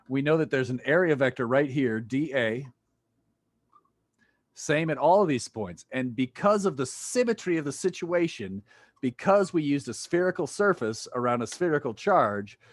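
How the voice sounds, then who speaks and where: A man's voice: mid-range voice, dry recording. A playful man lecturing on physics over a video call, joking with students as he goes. His voice sits in a middle register. The sound is dry and close, with little room around it. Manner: playful, jokey, quizzes students. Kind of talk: online lecture.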